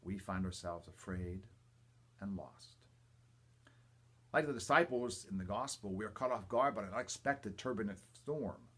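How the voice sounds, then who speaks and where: Husky deep-voiced older priest. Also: male voice, expressive. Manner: measured, reverent reading with emphatic quotes and quiet asides. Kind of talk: reading the gospel and a homily. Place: church or home, livestream.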